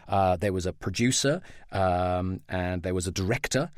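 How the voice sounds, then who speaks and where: A man's voice: low-pitched, moderate pace, dry recording, studio quality. An English man in his fifties, a voice actor talking candidly and wryly in an interview. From England. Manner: outspoken, wry, animated storyteller. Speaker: voice actor guest.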